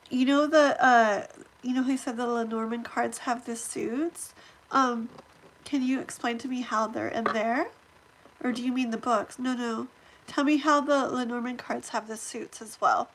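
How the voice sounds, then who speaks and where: Woman, stuffy nose, fairly high voice, chatty and excitable, live stream host, faint background hiss. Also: low-quality recording. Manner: chatty and excitable, thanking viewers. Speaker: livestream host. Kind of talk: casual live chat, reading viewer comments aloud.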